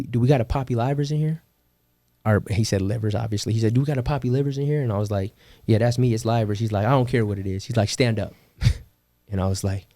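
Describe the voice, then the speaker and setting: A man's voice: fairly low pitch, dark tone, no echo. A young man from California, a podcast guest, telling his story in slangy, casual talk with swearing and bursts of laughter. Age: young adult. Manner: slangy, swears, laughs often, quotes people.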